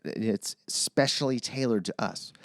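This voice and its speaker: A man's voice: mid-range voice, measured pace, no echo, studio quality. A man co-hosting a podcast in casual chat, rambling, swearing freely and acting out other people's voices. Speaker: podcast co-host.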